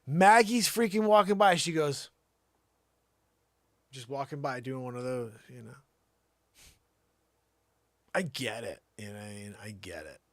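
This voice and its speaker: A man's voice: mid-range voice, unhurried, long pauses, a bit bright, no echo. A middle-aged man hosting a comedy show, spinning a rambling tall-tale monologue with theatrical jumps in voice.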